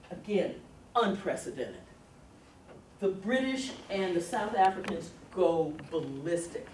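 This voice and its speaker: A woman lecturing on history in a lively storytelling way, laughing often along the way. She is picked up from a distance in an echoey hall, with a faint hum underneath. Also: mid-range voice. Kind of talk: university lecture. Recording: roomy, distant lecture recording.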